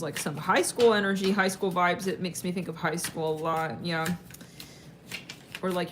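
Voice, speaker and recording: Woman tarot reader, low-pitched, loose and rambling, slangy and a bit profane. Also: slight background noise. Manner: rambling and slangy, heavy on fillers, swears casually. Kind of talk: casual channeled tarot reading.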